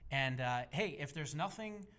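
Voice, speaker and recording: A man's voice: fairly high pitch, lively intonation, moderate pace, fairly bright tone. A man speaking as a guest on a talk radio show, emphatic and insistent, with many filler uhs.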